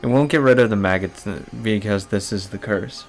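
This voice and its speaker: A man reading aloud the lines of a troubled young girl haunted by a curse, in a mostly plain, low voice. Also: normal speed, faint music behind, close to an everyday voice. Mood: frantic. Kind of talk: reading a visual novel aloud.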